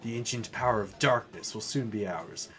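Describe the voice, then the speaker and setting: A man's voice: fairly low pitch, normal speed, a bit bright, faint music behind, pitched below the performer's own voice, lightly acted. A man voicing a pompous, narcissistic villain leader with a grandiose, menacing delivery during a game playthrough. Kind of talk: let's play voice acting.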